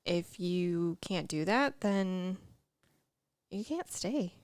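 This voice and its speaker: A woman co-hosting a casual morning talk show, agreeable and quick to affirm her partner. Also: lowish voice, expressive, a little mellow. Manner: agreeable, frequent affirmations, laughs easily. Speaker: co-host.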